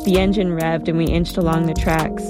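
A woman narrates a first-person story in a steady, measured reading voice. Her pitch sits low for a woman, and soft music plays faintly beneath her.

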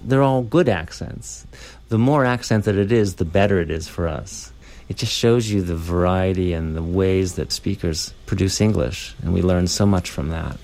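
A man, a linguistics professor, explaining his work in a relaxed radio interview, often saying "you know". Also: deep voice, normal speed.

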